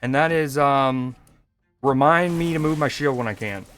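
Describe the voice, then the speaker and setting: A man's voice: medium pitch, moderate pace, a bit bright, soft background music. A man from Georgia, casually chatting with viewers and joking while he streams a card game. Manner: laid-back, joking, chatting with chat while playing. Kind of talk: casual live-stream chat.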